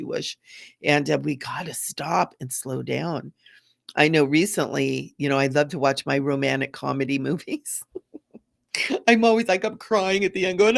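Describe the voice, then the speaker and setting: A middle-aged woman, a psychic medium, chatting casually and gently during a live reading, repeating her phrases. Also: low-pitched, vocal fry, no echo, studio quality.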